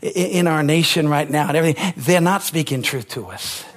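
Brisk and fervent, the male pastor drives his sermon with repeated lines, alternating loud exclamations with low, quiet side comments.

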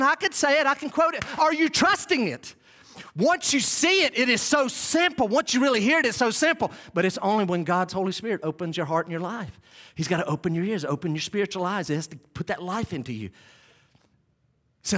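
Lively high-pitched male preacher. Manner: emphatic, reads scripture slowly. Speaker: pastor. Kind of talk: sermon. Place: church before a live congregation.

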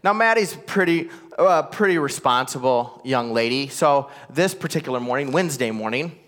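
A man telling a personal family story to a live audience. He is animated and self-deprecating, with frequent asides to the listeners. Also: mid-range voice, normal speed. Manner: animated, self-deprecating, rising to loud exasperation at the climax; talks straight to listeners with frequent "all right?" asides.

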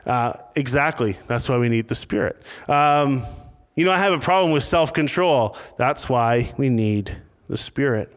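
A man preaching in a relaxed, conversational way, with a smooth, resonant voice. His words ring out into a church hall with a long echo. He often trips and restarts mid-sentence as he talks. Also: medium pitch, moderate pace. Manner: conversational preaching with frequent restarts and acted quotes. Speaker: pastor. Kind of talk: sermon.

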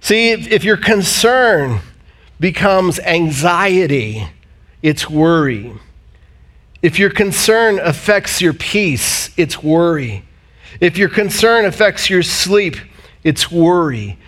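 A male pastor preaching in a church with a slightly high-pitched voice. He talks in an animated way, climbing to loud emphatic peaks and then dropping low and quiet. He keeps it conversational and asks his listeners questions directly. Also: takes it slowly. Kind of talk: sermon.

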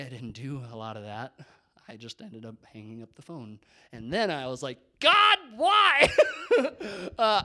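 A young male youth pastor shares a personal faith story in a medium-pitched voice. He's animated, laughs at himself, and drops to a whisper whenever he quotes someone.

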